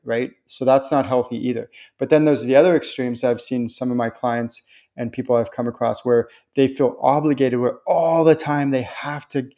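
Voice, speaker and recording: A man hosts a live stream in a chatty, reassuring way. His voice sits at an ordinary middle pitch. He often jumps up high to act out excited quotes from other people. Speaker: host and spiritual channeler. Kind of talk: live-stream talk answering viewer questions.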